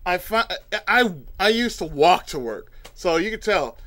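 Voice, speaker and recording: A young man co-hosting a casual podcast chat, telling rambling, animated anecdotes and acting out the voices of the people in them. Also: sits high, moderate pace. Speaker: podcast co-host.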